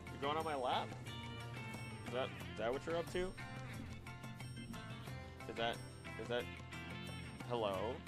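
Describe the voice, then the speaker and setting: A man chatting casually on a live stream, animated and talking to himself and his pet. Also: medium pitch, takes it slowly, long pauses, over music. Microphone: desk microphone.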